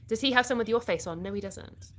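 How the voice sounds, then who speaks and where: Speaking quickly in a fairly high voice, this middle-aged UK woman runs a casual livestream. She goes through viewers' comments, responding to them with frequent laughter.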